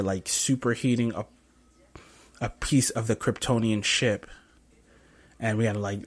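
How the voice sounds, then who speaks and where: Young male host, lowish voice, loose rambling film-review chat full of fillers. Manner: rambling, many fillers and self-corrections. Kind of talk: casual film review commentary.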